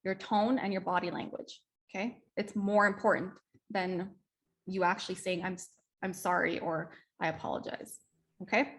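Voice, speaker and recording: Animated Canadian woman leading a workshop. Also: lowish voice, normal speed. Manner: animated, repeats "right?", acts out example phrases. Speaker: workshop presenter. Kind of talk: online workshop teaching.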